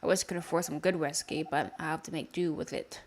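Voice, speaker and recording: A woman's voice: low-pitched, fairly even intonation, fast talker, a little hiss or hum, pitched below the performer's own voice. A woman voicing a reckless young woman journalist from a game, in a put-on British accent. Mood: wry.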